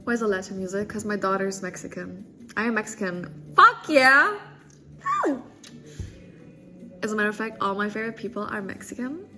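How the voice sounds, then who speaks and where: Woman streamer just chatting, joking around and laughing a lot, mid pitch, faint music underneath. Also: fairly even intonation, fast, hardly any pauses, a bit bright. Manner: playful and joking, often breaking into laughter. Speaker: livestreamer. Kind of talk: casual chat reading viewer comments.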